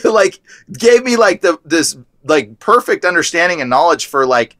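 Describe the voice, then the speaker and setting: Young male guest, slightly high voice, rambling casual testimony, dry close sound. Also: very animated, moderate pace, fairly bright tone, no echo. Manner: rambling, heavy use of "like".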